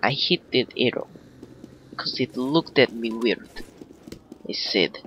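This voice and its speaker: Boastful gamer in a mock Russian accent. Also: male voice, medium pitch, expressive, slow pace, long pauses, dull audio, a little hiss or hum. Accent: put-on Russian accent. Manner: boastful, broken English, giggly. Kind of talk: let's play commentary. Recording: game gunfire loud behind voice. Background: shooter game sounds and gunfire.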